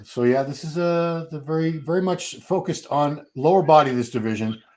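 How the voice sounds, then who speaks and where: A man's voice: on the high side, moderate pace, a little mellow. Wry, conversational man hosting a stream. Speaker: host of a bodybuilding channel. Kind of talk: casual live-stream chat.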